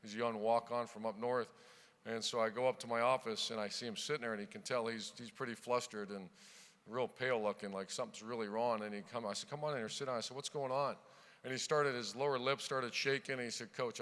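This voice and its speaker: A middle-aged man from Ohio gives a storytelling keynote from a podium, his voice bright, clean and crisp. He spins anecdotes in a punchy way and gets louder when he opens a new chapter. A long reverb from the big banquet hall trails behind his words. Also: medium pitch, fairly even intonation, fast. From Ohio, USA. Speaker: keynote speaker, football coach.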